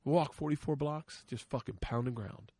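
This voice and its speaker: Middle-aged man, podcast host, laughing, swearing, animated storytelling, dry close sound. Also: medium pitch, moderate pace, dry recording. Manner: profane, laughing storyteller who acts out quotes. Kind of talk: casual podcast chat.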